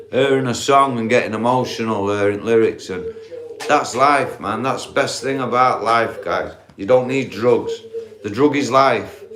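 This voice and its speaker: A middle-aged man with a Yorkshire accent chatting live to viewers from a dark bedroom while lying down, talking in a blunt, sweary, earnest way. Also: medium pitch, echoey room. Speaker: livestreamer. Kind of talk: casual live chat reading viewer comments.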